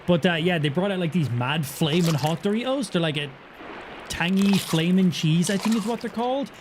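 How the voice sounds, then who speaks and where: A man's voice: high-pitched, lively intonation, normal speed, noisy background. An Irish man chatting casually and cursing freely while he streams gameplay and jokes around. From Ireland. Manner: chatty, profane, joking.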